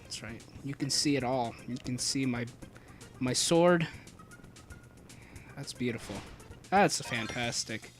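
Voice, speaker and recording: A young man giving rambling, joking commentary as he plays a video game, with lots of restarts and fillers and sudden high excited yelps. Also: slow, pauses often, faint music behind. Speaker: let's play commentator.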